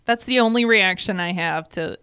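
A woman's voice: medium pitch, moderate pace, pushed and bright, smooth, no echo, clean studio sound. A woman from Michigan co-hosting a casual chat, explaining things at length. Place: North Carolina.

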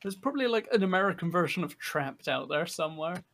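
Podcast co-host, high voice, playful and teasing. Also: male voice, expressive, background noise. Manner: playful, teasing, quick to laugh. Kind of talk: casual chat.

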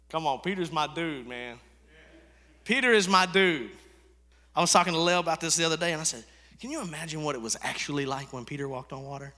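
Bright, high-voiced preaching man. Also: fast. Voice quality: conversational, swings from hushed to loud. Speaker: pastor. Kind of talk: sermon. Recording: echoey hall reverb.

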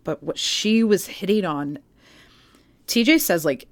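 A woman's voice: lowish voice, animated, measured pace, dry recording. A woman co-hosting a podcast, telling a music history story in a casual, chatty way with plenty of fillers. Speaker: podcast co-host.

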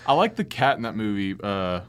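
A young man in casual conversation, playful and quick to laugh and agree. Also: lowish voice, very animated, a little hiss or hum. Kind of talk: casual chat.

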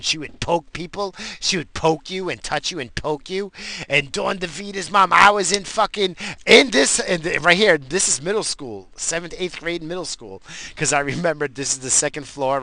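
A man telling a rambling school story in a casual, animated way, swearing constantly and often restarting his sentences. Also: on the high side.

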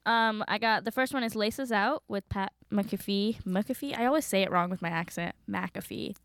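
A woman producer chatting casually in a podcast studio, upbeat and quick. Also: medium pitch, a bit bright, smooth, dry recording. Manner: upbeat, quick with short interjections.

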